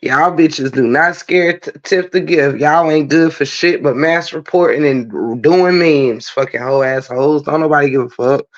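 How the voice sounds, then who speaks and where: A man, hosting his own channel and roasting critics in a profane, taunting, drawn-out sassy rant. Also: on the high side. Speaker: channel host. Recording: dull lo-fi stream audio.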